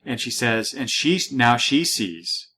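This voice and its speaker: A man's voice: mid-range voice, animated, slow, sharp tone. Rambling man reviewing comic books. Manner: rambling, many restarts, reads comic dialogue aloud. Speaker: podcast host. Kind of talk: casual comic book review.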